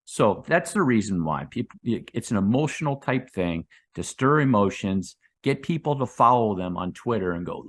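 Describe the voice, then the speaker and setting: Low-voiced man rambling over crypto charts. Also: very animated, normal speed, hardly any pauses, fairly bright tone, slightly rough. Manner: rambling, addresses viewers as guys, drops low on tag words. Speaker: crypto market analyst. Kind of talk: casual chart commentary.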